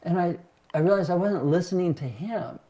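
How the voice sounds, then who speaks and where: A mellow, warm-toned older man speaking as a pastor and host. His pitch sits a little high for a man. He tells stories in a reflective, self-deprecating way and brightens when acting out what others said. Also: normal speed. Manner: reflective, self-deprecating, acts out quotes in livelier tones. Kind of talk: casual conversational storytelling.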